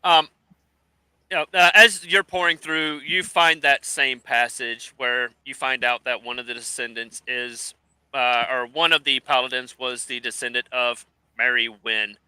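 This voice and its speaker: A man narrating a tabletop game as game master, halting and searching for words as he describes the scene. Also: medium pitch, steady tone, pushed and bright, smooth, no echo, rough recording.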